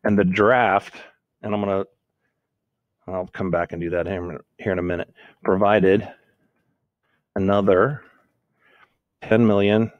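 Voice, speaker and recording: A man with a very low voice walks through an outline as he types it, thinking aloud and fixing his own slips as he goes. The sound is dry and close, as from a desktop mic with no room around it. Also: fairly even intonation, measured pace, pauses often, no echo, lo-fi sound. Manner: thinks aloud, self-corrects while typing. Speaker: teacher. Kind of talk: screen-recorded lesson on outlining notes.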